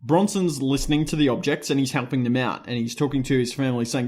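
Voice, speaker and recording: A man's voice: mid-range voice, quick pace, few pauses, a little mellow. A man co-hosting a podcast, casually recapping a TV episode and chuckling as he talks. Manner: laid-back, chuckling, retells scenes in quoted voices. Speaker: podcast co-host.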